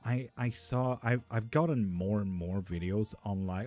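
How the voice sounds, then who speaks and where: A man's voice: fairly low pitch, unhurried, hardly any pauses, background noise. Sweary, chatty man streaming tarot. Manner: sweary, chatty, laughing often. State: hot and sticky. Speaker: livestream tarot reader. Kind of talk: casual live-stream chat, reading comments.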